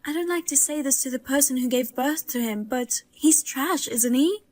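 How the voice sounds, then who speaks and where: A woman plays a heavily pregnant young wife with a high, light voice. She is suspicious and indignant, with a wry, grim humor in this dramatized story. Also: moderate pace, a little mellow, natural voice. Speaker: pregnant daughter-in-law.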